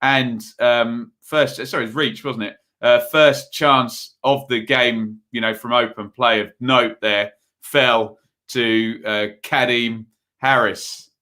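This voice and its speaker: A man runs a live football watch-along stream, calling the action in a loose, chatty way. His bright voice has an edge of force as he rambles between the play and viewers' messages. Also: medium pitch, steady tone, slow. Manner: casual play-by-play mixed with reading viewer messages; rambling and chatty, with frequent fillers.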